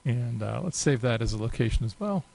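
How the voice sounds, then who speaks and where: Man casually narrating a software demo. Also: mid-range voice, expressive, gravelly, poor audio. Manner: casual and unhurried, many filler pauses. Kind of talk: unscripted screen-share walkthrough.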